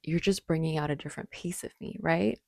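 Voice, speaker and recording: A woman in her late twenties chats straight to camera with a rambling, bubbly flow full of fillers and restarts. Her voice sits low, and the recording is dry and close. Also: brisk, creaky, darkish tone, no room sound. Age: late 20s. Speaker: vlogger. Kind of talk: casual talk to camera.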